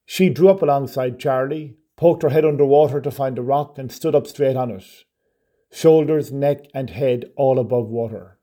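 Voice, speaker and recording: A man narrating a short story in a measured, even storytelling manner. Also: mid-range voice.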